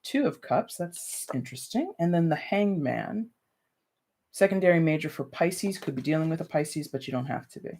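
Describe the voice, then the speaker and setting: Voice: medium pitch, lively intonation, moderate pace, darkish tone. A tarot reader doing a casual live-stream reading, talking loosely and directly to viewers and peppering sentences with "like" and "you know". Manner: talks straight to viewers with light laughs.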